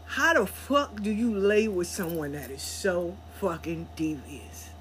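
A woman hosting a podcast, telling a story in a blunt, profane, animated way. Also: on the low side, a little slow, a little hiss or hum. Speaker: podcast host. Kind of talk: casual storytelling monologue.

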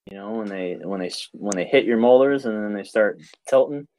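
A man's voice: on the low side, brisk, darkish tone, dry recording, low-quality recording. A man co-hosting a podcast in casual chat, full of playful, teasing banter. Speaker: podcast co-host.

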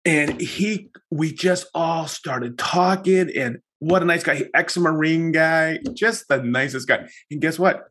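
A man hosting a podcast, talking casually and telling animated stories with lots of restarts. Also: a little high, unhurried, hardly any pauses. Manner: animated storytelling, chatty with many restarts. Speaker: podcast host. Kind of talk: casual chat.

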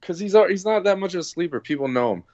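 Animated guy cohosting sports talk, bouncy voice, kinda muffled dry audio. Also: high voice, dry recording. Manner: animated, quick to laugh. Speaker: podcast co-host. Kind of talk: casual sports chat. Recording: dull, dry lo-fi sound.

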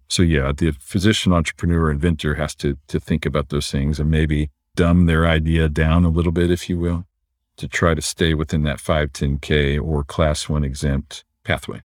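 A man, a physician and entrepreneur, explaining things in a relaxed conversational way and often tagging his points with "right?". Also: a bass voice, no echo, studio quality. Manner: relaxed, explanatory, frequent "right?" tag questions.

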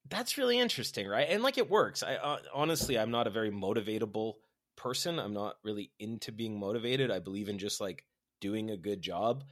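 Fast-talking man, dry close sound. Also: expressive, a bit bright, no echo. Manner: rambling, with many "right?" and "like" fillers; acts out quoted voices with big pitch jumps. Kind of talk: casual chat.

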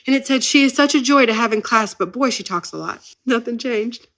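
Her voice is a little high, a bit bright and fairly quick as she chats casually on the podcast she hosts. She's in her 30s, owns a business, and comes across upbeat and very talkative.

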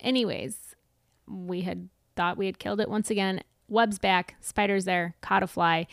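A woman co-hosting a podcast with her husband, telling animated stories in a casual chat and laughing often. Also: mid-range voice, normal speed, gravelly, dry recording. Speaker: podcast co-host.

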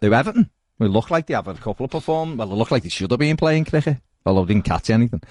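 A man's voice: mid-range voice, fast, dry recording, studio quality. A man co-hosting a casual podcast, reading out viewer comments with jokey banter. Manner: jokey, animated, swings into mock voices.

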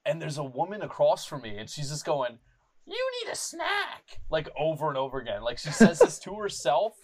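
A young adult man hosting a podcast, telling a rambling, animated story full of swearing and fillers like "like.". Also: on the high side, brisk, crowd noise, rough recording. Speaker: podcast host. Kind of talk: casual storytelling chat.

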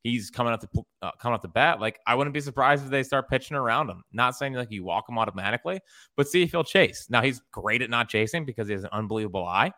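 A man's voice: medium pitch, expressive, fast, pushed and bright. A man hosting sports radio, giving casual baseball analysis that rambles with restarts and easy laughs.

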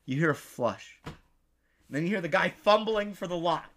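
A man co-hosting a podcast, telling a story in casual chat, animated and laughing often. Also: high voice, moderate pace, background noise. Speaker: podcast co-host.

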